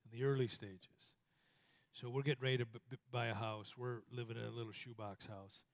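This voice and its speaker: A man's voice: mid-range voice, fairly even intonation, fast. A man giving marriage teaching in a church, telling folksy, self-deprecating stories and often stumbling and repeating his words. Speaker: minister teaching with his wife.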